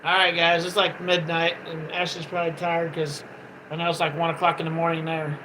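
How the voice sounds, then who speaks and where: A man's voice: on the high side, completely flat delivery, brisk, noisy background. A man hosting a casual late-night livestream, easygoing and matter-of-fact. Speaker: livestream host.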